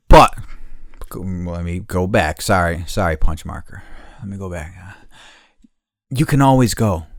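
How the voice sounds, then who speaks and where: An American man hosting a podcast, ranting bluntly with constant swearing, swinging between low mutters and loud outbursts. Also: no room sound, clean studio sound. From United States. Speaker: podcast host. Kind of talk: profane opinion rant.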